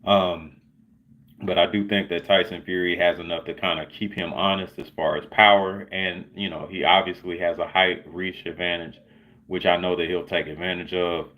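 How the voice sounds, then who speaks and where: A man's voice: sits low, little pitch movement, moderate pace, lo-fi sound. A man hosting his own livestream, talking casually and sarcastically with many filler words. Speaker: livestream host. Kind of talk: casual solo livestream commentary.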